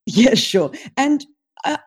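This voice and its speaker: A woman's voice: on the high side, sing-song, slow, slightly rough. A middle-aged woman from Australia with an Australian accent, chatting as a guest in an interview in an upbeat, playful way. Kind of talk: conversational interview.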